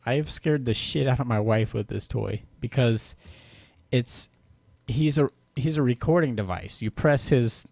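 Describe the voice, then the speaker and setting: A man's voice: medium pitch, unhurried, creaky, darkish tone, no room sound. A man in casual podcast chat, laughing often as he tells a story about a creepy toy.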